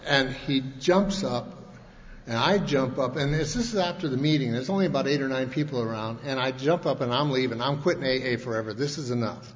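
A man's voice: medium pitch, fairly quick. A man at a recovery meeting, telling his own story in a folksy, rambling way with many restarts. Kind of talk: personal storytelling talk. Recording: echoey hall, dull lo-fi sound, faint hiss.

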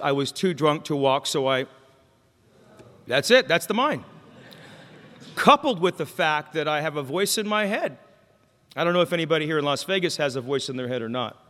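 At a recovery meeting, a man shares a personal testimony, speaking frankly and joking with the audience and asking them questions. He is Mexican-American, with a fairly high, slightly bright voice, captured with long hall reverb.

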